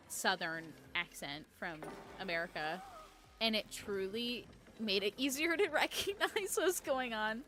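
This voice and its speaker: With a medium-pitched, bright voice and a forceful tone, this New York streamer chats loosely with viewers while gaming live. She rambles on, dropping "like" again and again.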